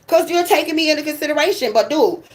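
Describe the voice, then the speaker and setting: A woman's voice: sits high, expressive, fast talker. Blunt, sassy woman ranting. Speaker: tarot channel host. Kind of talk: casual ranting monologue.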